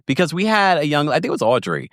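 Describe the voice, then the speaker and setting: A man's voice: on the high side, sing-song, fast, a bit bright, no room sound, clean studio sound. A man hosting a podcast, recapping a reality show in casual, gossipy commentary, laughing often and acting out what people said. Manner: chatty, self-interrupting storyteller. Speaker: podcast host.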